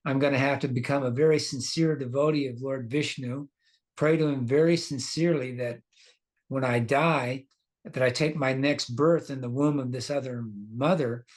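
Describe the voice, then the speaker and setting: A man's voice: mid-range voice, lightly acted. A man voicing an angry, determined five-year-old prince who feels insulted, told as a story in a scripture class. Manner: indignant, determined.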